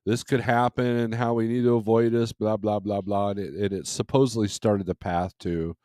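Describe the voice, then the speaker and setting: A man's mellow, low voice holds a steady tone at a moderate pace as he hosts an informal home livestream, rambling and laughing into a desk microphone. The recording is studio quality and echo-free.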